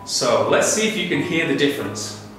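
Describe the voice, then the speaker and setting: A high-voiced man with a Lancashire accent presents a children's programme with theatrical energy, his pitch leaping all over the place. He sounds like he's in a very echoey room, with soft music playing underneath. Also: moderate pace. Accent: Lancashire English. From Lancashire, north of England. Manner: animated, theatrical, with big swoops in pitch. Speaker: children's show host and teacher.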